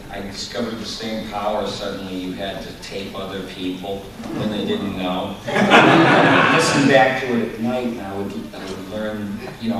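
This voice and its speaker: A man on a convention panel, telling animated stories and slipping into silly voices, recorded from far off in an echoey hall. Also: fairly low pitch, noisy background. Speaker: voice actor panelist. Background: audience crowd.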